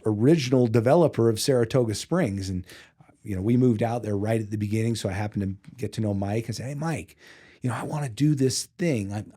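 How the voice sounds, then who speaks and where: A man with a low, mellow voice tells a long story in a podcast interview. He talks casually, full of "you know"s, and jumps into lively imitations of the people in the story. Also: slightly rough. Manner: animated storyteller acting out dialogue with lots of fillers. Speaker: podcast guest, physical therapy company CEO.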